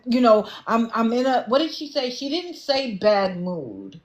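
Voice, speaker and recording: A woman's voice: fairly high pitch, lively intonation, moderate pace, few pauses. A woman doing casual livestream commentary, blunt and lecturing, with an exasperated edge. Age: adult, not young.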